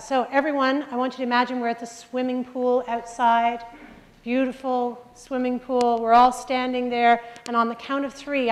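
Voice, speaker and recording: A woman coaching a group through breathing exercises in a live workshop, upbeat, joking and directive. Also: on the high side. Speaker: presentation skills coach. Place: large room with a group. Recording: reverberant hall sound.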